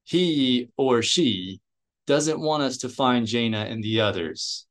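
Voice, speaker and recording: A man reading aloud, voicing a calm, thoughtful male Jedi master who speaks in a measured way. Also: mid-range voice.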